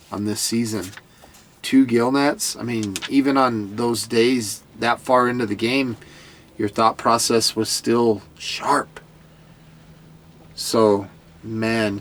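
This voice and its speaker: A man's voice: fairly low pitch, slight background noise. A man giving a casual recap of a TV episode, in an earnest, heartfelt way that sometimes stumbles over repeated words. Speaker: TV show commentator.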